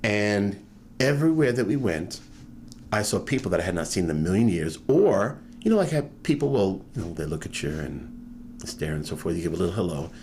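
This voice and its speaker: Animated low-voiced man in his fifties. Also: fairly quick, a little hiss or hum. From New York. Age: 50s. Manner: animated, acts out quoted voices. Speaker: interviewee. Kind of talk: oral history storytelling.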